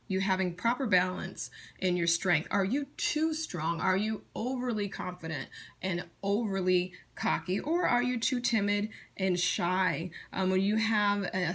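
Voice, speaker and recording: A woman teaching tarot in a casual, blunt, chatty way, often restarting her sentences and slipping into quick acted-out scenes. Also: mid-range voice, fairly bright tone. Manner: blunt, chatty, acts out scenarios in quick asides; frequent fillers and restarts.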